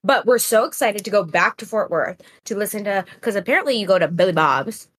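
A woman co-hosting a relaxed podcast, chatting eagerly and rambling with plenty of "like" between thoughts. Her voice sits at an ordinary middle pitch for a woman. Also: brisk, slightly rough. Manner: chatty and enthusiastic, lots of "like". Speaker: podcast co-host. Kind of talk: casual chat.

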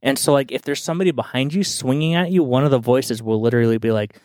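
A man's voice: mid-range voice, steady tone, fast, darkish tone, dry recording. An enthusiastic young man in casual podcast chat, rambling eagerly through his explanations with plenty of "like" and "dude". His voice sits in the middle range and is recorded dry and close. He talks freely to friends around the table. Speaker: podcast co-host.

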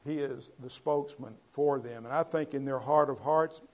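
A man's voice: medium pitch, moderate pace. A man preaching a Bible-teaching sermon in a conversational way, asking his listeners questions and building to emphatic points.

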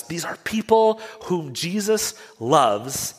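A man preaching a sermon as a pastor, telling the story with animated rhetorical questions. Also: mid-range voice, unhurried, in a large hall. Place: church sanctuary.

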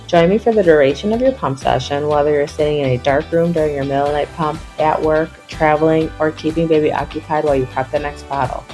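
A woman's voice: low voice, fast talker, few pauses, dark tone. A woman hosting a podcast, reading a welcoming, upbeat scripted intro to her show. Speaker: podcast host. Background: faint background music.

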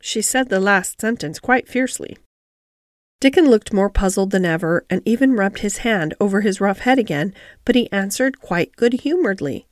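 Calm lady reading a storybook aloud, dry sound, measured. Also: medium pitch, no room sound. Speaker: audiobook narrator. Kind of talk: scripted storybook narration.

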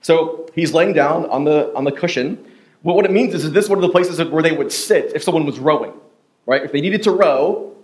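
A pastor with a fairly high voice preaches in a church in a loose, chatty way. He jokes often and keeps stopping to restart his sentences with fillers. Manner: casual, joking, chatty with many fillers. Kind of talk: sermon. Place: church sanctuary.

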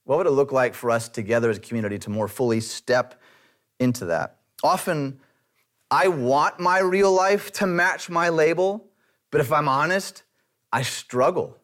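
A man's voice: mid-range voice, moderate pace, fairly bright tone. Man, pastor, sermon, conversational, self-deprecating humor.

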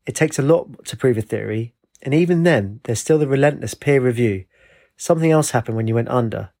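A man's voice: medium pitch, brisk, gravelly, warm tone, close to an everyday voice. A man voicing a skeptical, dry young man in a storybook.

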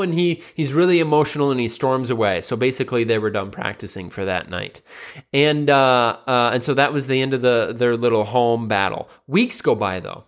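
A man's voice: mid-range voice, moderate pace, smooth. Man rambling through a podcast story. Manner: rambling, filler-heavy retelling with frequent uh and you know. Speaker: podcast host. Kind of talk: casual solo podcast storytelling.

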